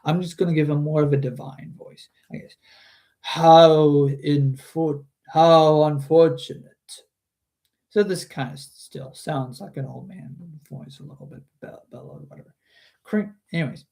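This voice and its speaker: A man's voice: on the high side, vocal fry, darkish tone. A man reading a book aloud on a stream, chatting about the story between passages and often restarting his sentences. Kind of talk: casual book reading with commentary.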